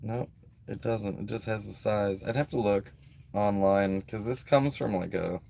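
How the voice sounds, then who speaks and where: A man's voice: lowish voice, a little slow, creaky, mellow. A man chatting casually on a live stream from a beach, rambling and laid-back with lots of "like" and "um". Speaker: livestreaming vlogger. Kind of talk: casual live-stream chat reading donations. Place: at a beach, outdoors.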